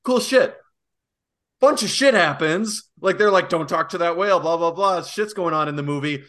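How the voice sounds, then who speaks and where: A young man co-hosting a casual podcast, animated and profane, laughing often and mimicking voices. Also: a little high, normal speed. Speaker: podcast co-host.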